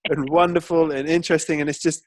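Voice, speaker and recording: A man's voice: fairly high pitch, level tone, quick pace, a little mellow, no room sound. A man co-hosting a football chat, telling jokes in a dry storytelling manner. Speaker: co-host.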